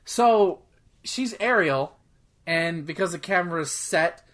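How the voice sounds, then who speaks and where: He takes his time, speaking in a fairly high, expressive, slightly bright voice. As a podcast co-host, he chats loosely about video games, full of "like" and free-flowing swearing.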